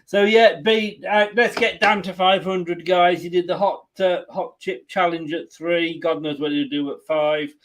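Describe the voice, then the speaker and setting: A man hosts a football watch-along stream in casual chat. He teases his co-host and the chat and laughs easily. His voice sits slightly high. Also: steady tone, measured pace, few pauses. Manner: jokey, teasing, laughs often.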